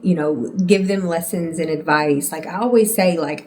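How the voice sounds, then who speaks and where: A woman in her late twenties talks straight to her listeners in a loose solo podcast monologue. She is candid and chatty, calls the audience y'all, and curses casually. Her voice sits a little low, with faint ambience in the background. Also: normal speed, few pauses, warm tone, a little hiss or hum. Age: late 20s. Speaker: podcast host.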